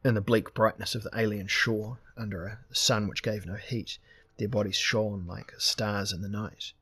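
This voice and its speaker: A man narrating a fantasy audiobook in a steady, measured way. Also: fairly low pitch, breathy edge, no room sound.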